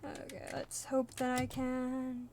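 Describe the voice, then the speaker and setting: High-voiced woman rambling while gaming. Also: slow pace, slight background noise. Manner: rambling, animated retelling with filler words and swearing. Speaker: streamer. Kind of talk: casual live-stream chatter while gaming.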